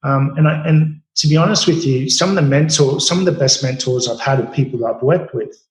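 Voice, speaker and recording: A man's voice: mid-range voice, brisk, echoey room, poor audio. Chatty middle-aged Australian man. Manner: rambling, many fillers and restarts, acts out quoted dialogue. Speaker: chef, podcast guest. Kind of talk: casual interview storytelling.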